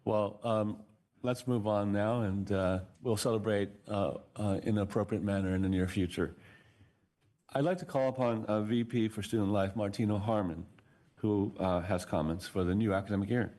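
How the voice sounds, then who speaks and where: A university president chairing a board meeting, speaking haltingly with many fillers. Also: male voice, lowish voice, steady tone, warm tone. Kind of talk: formal meeting remarks.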